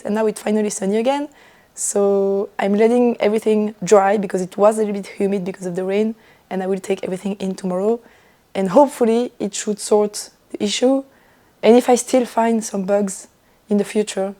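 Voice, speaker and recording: A young woman vlogging about knitting in casual chat, her voice hoarse and broken from losing it, laughing often as she talks. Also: mid-range voice, mellow. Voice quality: rough, broken voice. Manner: laughs often, chatty and self-mocking. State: hoarse, lost voice.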